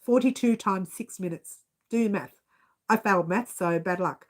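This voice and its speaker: A woman's voice: mid-range voice, very animated, normal speed. A woman with an Australian accent chatting casually on a live stream, giggling and reading out viewer comments.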